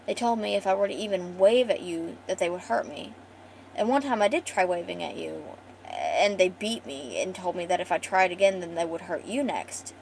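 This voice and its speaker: A woman voicing a gentle, protective young man in her comic story, speaking softly and reassuringly. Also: on the low side, big pitch swings, moderate pace, gravelly, slight background noise, poor audio. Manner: soft reassuring quoted lines.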